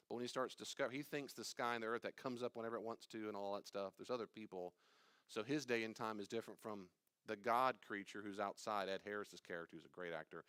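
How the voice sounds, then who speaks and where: Man, pastor leading a Bible study, fairly low voice, dry close sound, chatty and rambling. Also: a bit bright, clean tone, dry recording. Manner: conversational, digressive, quizzes his listeners. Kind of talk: informal teaching.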